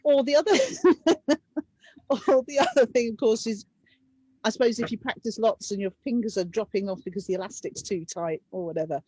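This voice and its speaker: A woman's voice: medium pitch, a little fast, dark tone, slightly rough, dry recording, rough recording. A British woman, a dance teacher guesting on a live-stream chat, who talks in a chatty, self-deprecating way and laughs often.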